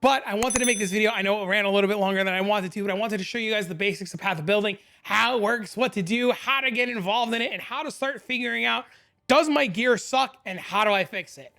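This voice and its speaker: A hoarse man hosting a gaming channel, talking excitedly and rambling step by step through a screen-recorded game tutorial into a desk microphone. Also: high voice, fast. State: hoarse, losing his voice.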